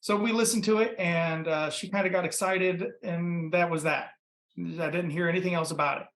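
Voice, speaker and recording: A man from Ohio, a podcast guest and pitmaster, telling his story in a relaxed, rambling way full of fillers. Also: sits high, normal speed, reverberant. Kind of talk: casual interview storytelling. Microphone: computer mic.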